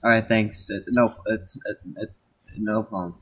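A man on a voice call in rowdy banter, ranting loudly with curses and breaking into sing-song bits. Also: on the low side, fairly even intonation, measured pace, slightly rough. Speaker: livestream voice-chat guest.

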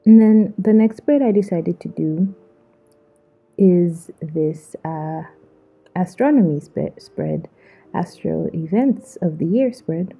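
Her voice sits on the low side and sounds husky. She's a woman from Zambia narrating her vlog casually, teasing herself playfully and dragging out slang asides, all captured on a muffled mic that resembles a phone's.

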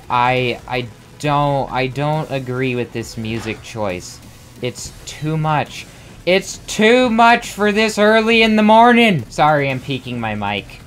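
Excitable young man ranting over gameplay. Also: medium pitch. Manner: excitable, frustrated, self-mocking rants. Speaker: gamer. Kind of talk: let's play commentary. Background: faint game music.

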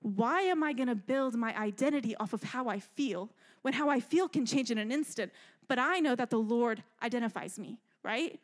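A young adult woman delivers a youth sermon with a fairly high voice. She talks in an animated, chatty way and keeps checking in with her listeners. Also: normal speed. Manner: animated, chatty, asks "right?" a lot. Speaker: youth speaker.

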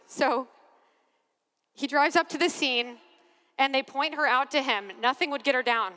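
A religious sister giving a keynote to a large crowd in animated, expressive storytelling, acting out voices and laughing often. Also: female voice, high-pitched. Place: large convention arena. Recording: long reverb of a big arena.

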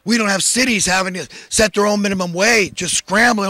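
A man's voice: high-pitched, steady tone, fairly quick, hardly any pauses, pushed and bright, no room sound. A man delivering a preachy, impassioned monologue of social commentary, full of emphatic rhetorical questions. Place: in California.

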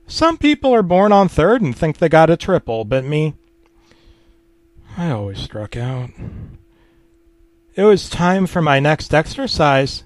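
A man's voice: fairly high pitch, sing-song, a little slow, pauses often, dry recording. A man reading a comedic creepypasta in a mock-serious, self-deprecating tone, swearing freely. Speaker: narrator.

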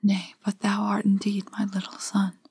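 A woman's voice: medium pitch, completely flat delivery, normal speed, darkish tone, slightly rough, no echo. A woman voicing a grieving beggar mother in a whispered role-play from a storybook fairytale, pleading in old-fashioned speech.

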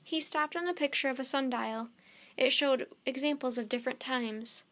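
A woman storyteller reading a children's chapter book aloud, slow, deliberate and expressive. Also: sits high.

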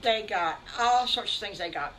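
An older woman telling a made-up story to children, animated and talking straight to the boys and girls. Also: medium pitch, normal speed, slight background noise, low-quality recording. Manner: warm, animated, addresses children.

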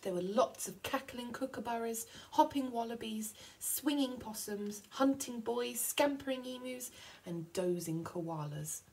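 Expressive woman teacher reading aloud. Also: on the high side, poor audio. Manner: expressive storytelling, slowing for effect. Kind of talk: reading a picture book aloud.

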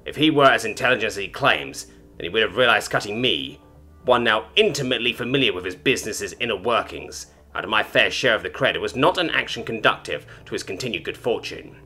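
A man's voice: lowish voice, lively intonation, fairly quick, sharp tone, husky, soft background music, exaggerated voice. A man voicing a haughty, cold female alien information broker in a storybook reading, with clipped, formal, disdainful speech.

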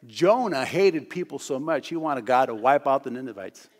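A man's voice: mid-range voice, animated, normal speed. A man preaching a sermon as pastor, emphatic and hammering points home through repeated phrases. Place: church. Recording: long church hall reverb.

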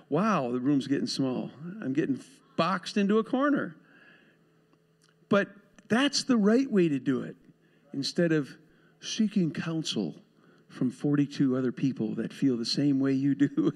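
A man's voice: a little high, big pitch swings, unhurried. A man preaching to his church congregation in a conversational style, with playful asides and acted-out dialogue. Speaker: pastor. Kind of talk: sermon. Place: church sanctuary.

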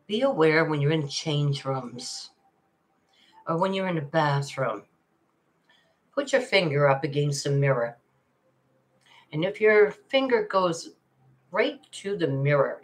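An older woman hosting a relaxed livestream from home, her voice low and her pace unhurried. She chats and laughs easily, calling her viewers darling as she reads their comments. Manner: chatty, laughs often, calls viewers darling. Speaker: livestream host. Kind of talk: casual livestream chat reading comments.

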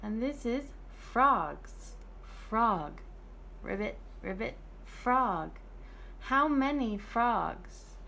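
A woman leads a small child through shapes and counting in an online preschool lesson. She speaks very slowly, with a fairly high voice that rises and falls a lot. Faint room noise sits under her voice. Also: lively intonation, creaky, bright, forceful tone. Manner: slow, sing-song teacher talk with counting and praise. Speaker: teacher.

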